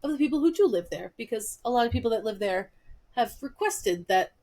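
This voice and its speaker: A woman's voice: on the high side, a little fast. A young adult woman co-hosting a podcast, chatting casually and acting out the dialogue in her stories. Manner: lively, acts out quoted dialogue. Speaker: podcast co-host. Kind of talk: casual chat, animated storytelling.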